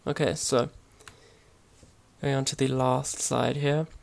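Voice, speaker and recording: Casual home-made language lesson: man, mid-pitched, gravelly, halting delivery. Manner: relaxed, hesitant, many fillers and restarts. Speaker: language teacher.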